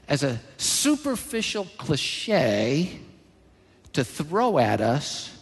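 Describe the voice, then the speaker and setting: A male pastor preaching a sermon in church, emphatic and animated, with joking asides. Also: a little high. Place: large church hall. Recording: long hall reverb.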